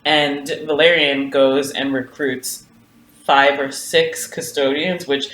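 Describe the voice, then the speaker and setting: A man co-hosting a podcast, casually retelling a story with quick quoted asides and laughter. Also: a little high, flat delivery, bright, forceful tone, slight background noise. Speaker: podcast co-host. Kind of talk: casual book discussion. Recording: roomy echo.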